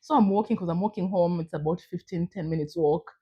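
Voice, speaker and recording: Chatty woman telling animated stories. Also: fairly low pitch, fast, slightly rough, dull audio. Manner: animated storyteller, acts out quoted voices; frequent "you know" and restarts. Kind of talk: casual group chat.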